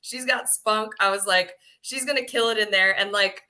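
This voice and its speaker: A woman's voice: mid-range voice, steady tone, normal speed, pushed and bright. A woman co-hosting a podcast, talking in a bubbly, gushing way. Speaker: podcast co-host. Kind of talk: casual chat.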